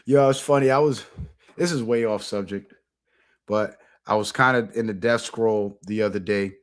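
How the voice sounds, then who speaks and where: A man's voice: lowish voice, normal speed, clear, resonant tone. A man hosting his own channel at home alone, talking in a loose, profane, casual commentary style and laughing often. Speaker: channel host.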